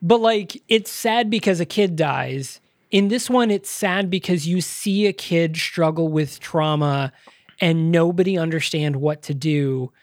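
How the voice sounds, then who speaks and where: A man's voice: fairly high pitch, a little slow, dry recording, studio quality. A man co-hosting a podcast, retelling a movie in casual chat, emotional and rambling with many fillers. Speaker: podcast co-host.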